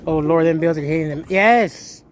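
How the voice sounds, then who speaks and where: A young man livestreaming and chatting casually to his viewers. He tells stories in a lively way, swears and then corrects himself, and thanks a donor with a lot of emotion. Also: on the high side, normal speed, heavy background noise. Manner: animated storytelling, swears and self-corrects, emotional gratitude.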